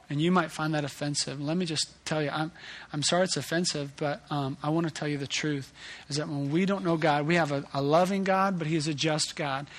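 A man delivers a church sermon in an earnest, conversational way. His voice sits a little high for a man. He often restarts his sentences as he speaks to the congregation. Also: fairly bright tone. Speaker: pastor. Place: church service.

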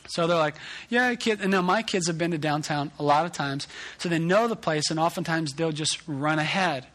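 A man preaches a sermon and leads in with a lively personal story. He pokes fun at himself as a parent. His voice sits slightly higher than most men's. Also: fairly quick. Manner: animated storytelling, self-deprecating. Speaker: pastor.

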